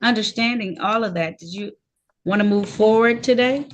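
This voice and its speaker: A woman's voice: mid-range voice, moderate pace, dull audio, a little hiss or hum. A woman serving as judge in a court hearing held over a video call, talking in a firm, direct and sometimes scolding way.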